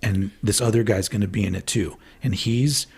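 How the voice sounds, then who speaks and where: A man's voice: on the low side, moderate pace, darkish tone, husky. A man co-hosting a podcast in loose, jokey casual chat, rambling and laughing often. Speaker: podcast co-host.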